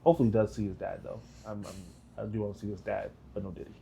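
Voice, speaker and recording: Mellow-voiced man, reaction host, rambling and jokey. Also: little pitch movement, fast talker, vocal fry, a little hiss or hum. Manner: jokey, rambling, laughs in high bursts. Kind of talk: casual chat.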